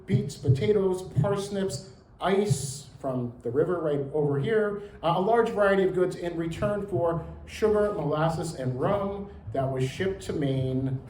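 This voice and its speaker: A man's voice: fairly high pitch, dark tone, a little hiss or hum. A man who directs a museum, giving a public history lecture in a chatty, joking way and talking with the audience. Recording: roomy hall with faint ambience.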